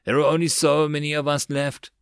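A man voicing a weary, burdened starship captain in an audiobook, in a tired, low-key voice. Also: little pitch movement, brisk, smooth, no echo, studio quality, natural voice.

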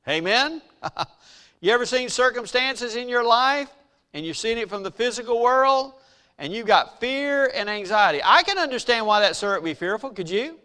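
A man preaching a sermon, retelling scripture in an animated storytelling way and acting out its people. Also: extremely high pitch, moderate pace, smooth. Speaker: pastor.

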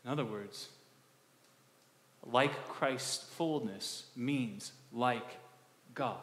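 A male pastor preaching a conversational sermon, asking the congregation questions and restarting words in quick bursts. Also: mid-range voice, a bit bright. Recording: echoey hall with long reverb.

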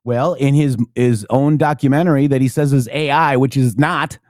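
A man's voice: medium pitch, fairly even intonation, normal speed, darkish tone, no echo, clean studio sound. A man co-hosting a casual political talk stream, talking emphatically with many rhetorical questions. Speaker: co-host.

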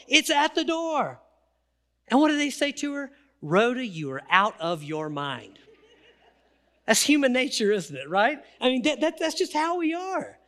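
A male pastor preaching a sermon, telling the story with lively energy and acting out the quotes. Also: sits high. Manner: animated storytelling, acts out quotes.

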